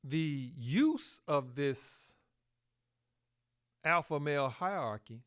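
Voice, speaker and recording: A man hosting a solo podcast, talking slowly with fillers and self-corrections, and pushing up on key words for emphasis. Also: fairly high pitch, animated, fairly bright tone, clear, resonant tone. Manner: slow, halting delivery with fillers and self-corrections. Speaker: podcast host.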